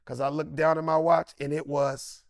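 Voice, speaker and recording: A middle-aged man, a comedian, telling a story with excitable swings into loud, high bursts. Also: normal speed, vocal fry, no room sound, studio quality. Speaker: comedian guest. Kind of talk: animated storytelling.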